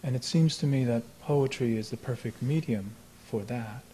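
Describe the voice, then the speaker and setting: A man giving a poetry reading at a live event, talking in a halting, reflective way with many fillers and restarts, then reciting his verse in a slow, measured voice. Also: mid-range voice, dark tone, slight background noise. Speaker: poet. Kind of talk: poetry reading with spoken introduction. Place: lecture hall at a live event.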